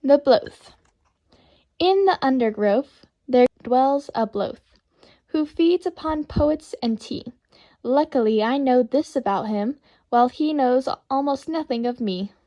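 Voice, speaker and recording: A woman with a bright, high-pitched voice reads children's poetry aloud. Her delivery is playful and sing-song, rising and dipping with each rhyme. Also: animated, slow pace, dull audio. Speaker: reader of children's poems.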